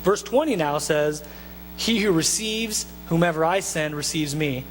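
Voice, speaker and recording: High-voiced pastor preaching in a reverberant hall. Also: male voice, a little slow, faint music behind. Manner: animated, conversational preaching with asides and restarts. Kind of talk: sermon. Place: church sanctuary. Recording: long hall reverb with faint mains hum.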